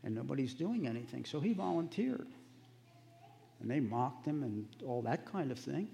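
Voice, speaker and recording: A man preaches a sermon in a casual, storytelling way, his voice gravelly and mellow. The sound carries a long hall reverb. A faint noise hangs behind him. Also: mid-range voice, sing-song, moderate pace.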